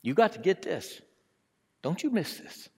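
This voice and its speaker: High-voiced preacher in a reverberant hall. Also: male voice, big pitch swings, measured pace, breathy edge. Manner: dramatic, swings from hushed to loud. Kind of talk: sermon.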